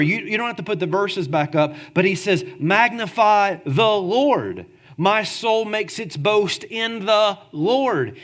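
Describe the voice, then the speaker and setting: A man preaching as pastor to his congregation, emphatic and call-and-response, dropping low and slow to stress key words. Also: a bit bright. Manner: emphatic, calls for amens, drops low for stress. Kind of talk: sermon.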